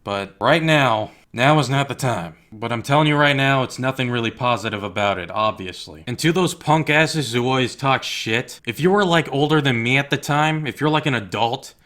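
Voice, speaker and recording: A young man delivers a heated rant straight to his audience. He is blunt and profane, with a mid-pitched voice that keeps pressing forward. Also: animated, normal speed, hardly any pauses, fairly bright tone. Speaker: YouTuber. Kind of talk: angry rant to camera.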